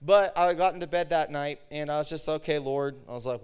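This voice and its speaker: A male preacher with a fairly high, smooth and resonant voice tells a personal story in a sermon. He talks casually and acts out the dialogue with lively energy. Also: fairly quick. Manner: animated storytelling, acts out his own and God's words.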